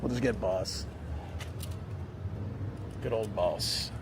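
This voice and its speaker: A man's voice: fairly low pitch, extremely slow, noisy background. A man chatting casually to viewers during a travel live stream, rambling and talking straight to his audience. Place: city streets, then a parked car. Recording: music playing under the voice. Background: music.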